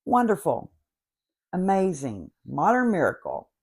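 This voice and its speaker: This host, a late-fifties woman with a noticeable regional accent, delivers a comedic rant as sarcastic, exasperated storytelling. Her lowish voice is creaky, slightly mellow, and breathy, with big pitch swings at a measured pace.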